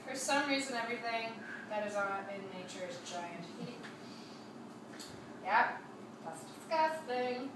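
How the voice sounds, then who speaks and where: A woman co-hosting a vlog, chatty and a little high-pitched as she reads out viewer comments. The camera sits at a distance in a very echoey room. A clear noise floor hums behind her. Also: lively intonation, normal speed. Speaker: vlog co-host. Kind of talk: casual chat.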